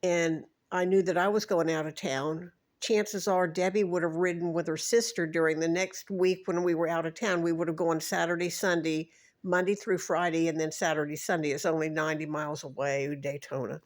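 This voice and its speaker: A woman's voice: sits low, steady tone, moderate pace. A woman in her sixties telling a rambling personal recollection, wandering through names and details and restarting her sentences as she goes.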